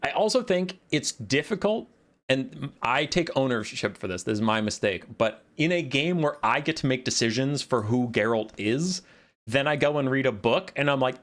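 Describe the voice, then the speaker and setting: A man giving casual commentary on a strategy game, talking in animated, ranting bursts. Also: medium pitch, moderate pace. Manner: animated, ranting, exasperated outbursts. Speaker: game caster.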